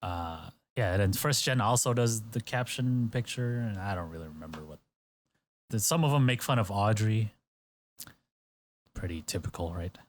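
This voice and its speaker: A man's voice: on the low side, moderate pace. A man hosting a podcast, animatedly retelling a show and acting out everyone's lines in exaggerated voices. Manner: animated storyteller, acts out quotes in exaggerated voices. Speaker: podcast host. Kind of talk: casual chat recapping a variety show.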